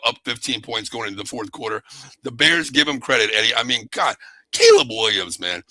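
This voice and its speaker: A man hosting a casual sports talk show, animated and excitable, often calling his co-host by name. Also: medium pitch, no room sound, rough recording.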